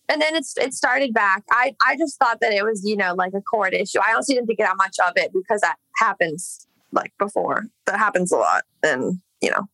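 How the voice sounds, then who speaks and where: A young woman from Los Angeles, a singer appearing as a podcast guest, rambles through a story in a casual chat, saying "like" constantly and cursing. Her medium-pitched voice is bright and gravelly with lots of vocal fry, captured close, dry, and rough.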